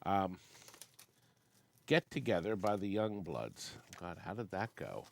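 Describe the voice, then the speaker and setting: A man's voice: low voice, very animated, slow, creaky. A man in his sixties hosting a casual chat, reading old record labels aloud and humming bits of songs. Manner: chatty, reads labels aloud and hums snatches of songs. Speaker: host of an amusement sales company show.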